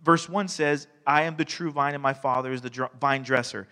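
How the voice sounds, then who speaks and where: A male pastor giving a sermon in a conversational, animated way, telling stories and laughing along the way. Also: medium pitch, fairly quick. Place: church sanctuary. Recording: long reverb of a church hall.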